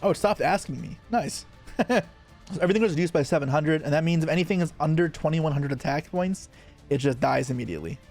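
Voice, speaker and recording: A man giving live commentary on his card game, thinking aloud in quick, muttered asides as he plays. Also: a little high, vocal fry, a little mellow, faint music behind.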